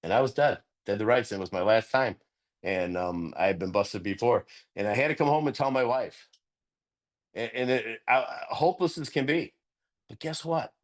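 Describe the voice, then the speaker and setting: At normal speed, a middle-aged man talks openly in his role as sponsor at a recovery meeting. Earnest and animated, he laughs a lot, and his voice leaps up when he drives a point home.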